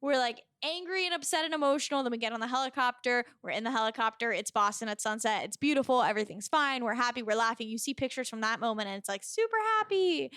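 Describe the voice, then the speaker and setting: A woman in her twenties casually telling a story on a podcast, chatty and animated, with many fillers. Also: on the high side, fast talker, few pauses, smooth, dry recording, clean studio sound. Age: 20s. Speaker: podcast guest.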